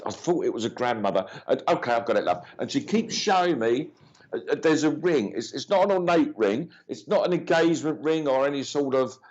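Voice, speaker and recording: A man's voice: mid-range voice, lively intonation, brisk, darkish tone. A man hosting a live mediumship reading stream, chatting loosely and greeting viewers by name between rambling, filler-filled remarks. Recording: dull lo-fi stream audio.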